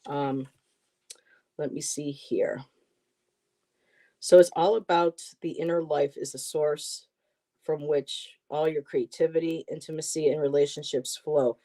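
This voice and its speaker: A woman's voice: deep voice, steady tone, measured pace, long pauses. A woman co-hosting a livestream, chatting with viewers and reading tarot cards aloud with casual asides. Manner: chatty, warm-hearted, reads card text aloud with asides. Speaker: tarot reader and livestream co-host.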